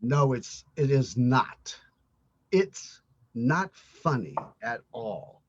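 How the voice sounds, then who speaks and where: An actor playing a haunted, reclusive older husband who talks in a halting, stammering, brooding way. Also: male voice, mid-range voice, big pitch swings, lo-fi sound, a little hiss or hum. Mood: bitter. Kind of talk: amateur audio drama.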